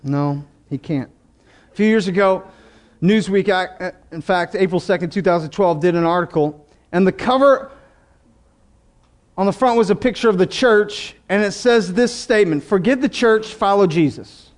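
High-voiced, animated male pastor. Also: normal speed. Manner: animated, joking, emphatic. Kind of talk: sermon.

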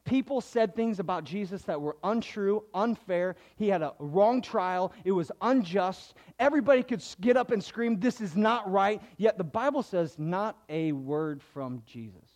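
Male pastor, high-pitched, animated sermon delivery with dramatic voice swings. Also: moderate pace, few pauses. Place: church hall before a congregation.

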